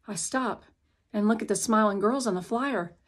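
A woman's voice: mid-range voice, moderate pace. A woman reading an audiobook aloud in the first person, speaking as a young girl telling her own story. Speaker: audiobook narrator.

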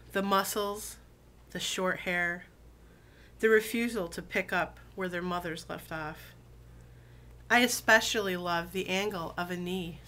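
A woman who has been sick, her voice lower than usual, chatting casually with many fillers and reading poems aloud in a slow, deliberate way. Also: sharp tone. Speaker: video blogger reading poetry.

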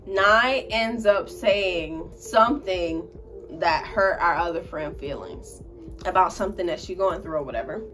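A young woman co-hosting a casual storytime vlog, animated, swearing freely and laughing as she tells it. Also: lowish voice, a little slow. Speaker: co-host telling a story.

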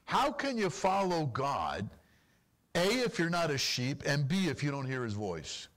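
A man preaching a sermon as pastor, animated and full of rapid rhetorical questions. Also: on the high side.

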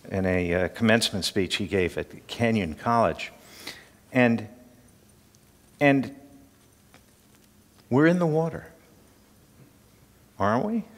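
An older man with a fairly low voice teaches a class in a relaxed, conversational way, asking his students questions as he goes. His voice carries a long reverb, as if he were in a large lecture hall. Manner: conversational, asks the room questions, chuckles.

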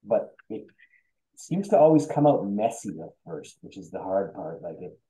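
A man's voice: on the low side, big pitch swings, moderate pace, warm tone, low-quality recording. A man in a casual group conversation, speaking candidly and reflecting on himself. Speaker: discussion participant.

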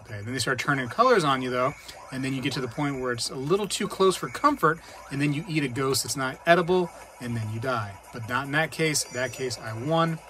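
A man's voice: medium pitch, a little fast, faint music behind. Chatty, rambling man vlogging. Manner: rambling, chatty, reacts out loud while gaming. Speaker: coin-collecting channel host. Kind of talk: casual vlog, playing a game on camera.

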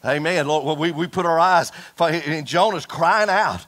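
A man preaching a fiery sermon to his congregation, folksy and animated, calling out for amens. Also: fairly high pitch, measured pace. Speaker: pastor. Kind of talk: impassioned Pentecostal-style sermon. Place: church service before a congregation.

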